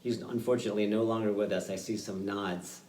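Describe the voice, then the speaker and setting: A man teaching fiddle in an online workshop. He explains in a relaxed, halting way, with many fillers. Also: fairly low pitch. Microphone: video call. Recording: roomy sound, mic at a distance, loud fiddle playing.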